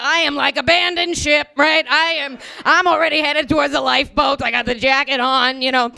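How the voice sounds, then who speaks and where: A woman telling a comic personal story on a small bar stage, animated and wry, with lots of "you know" fillers. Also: sits high, a little fast, gravelly, hardly any pauses. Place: small bar stage before a live audience.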